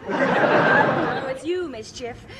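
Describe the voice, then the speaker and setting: A woman's voice: high voice, animated, very slow, a loud crowd, very noisy, heavily acted. An actress playing a polite but dismissive young woman in a 1960s radio sitcom. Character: young woman waiting for her boyfriend.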